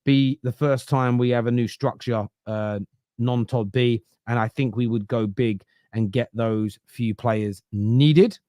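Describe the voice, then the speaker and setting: A man's voice: mid-range voice, steady tone, measured pace, warm tone, no room sound, clean studio sound. A man with a Southern English accent hosting a football podcast, arguing his points at length in casual debate. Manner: argumentative, explains at length.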